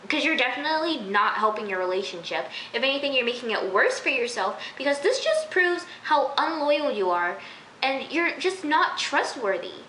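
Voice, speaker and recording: A woman's voice: high voice, big pitch swings, normal speed, pushed and bright, slight background noise. A woman giving a casual, exasperated vlog review of a TV episode, chatty and full of fillers. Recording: roomy echo.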